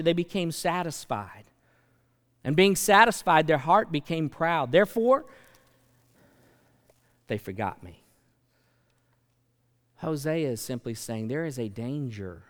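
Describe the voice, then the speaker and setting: A man preaching a sermon as pastor, building to loud emphatic peaks and acting out quoted voices. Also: mid-range voice. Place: large church sanctuary. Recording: long church hall reverb.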